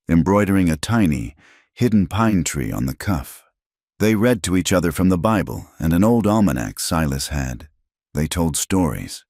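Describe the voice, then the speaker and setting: A man with an extremely deep voice narrates a scripted story in a steady, measured way. The recording is close and very dry, with no room sound around him. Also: no echo.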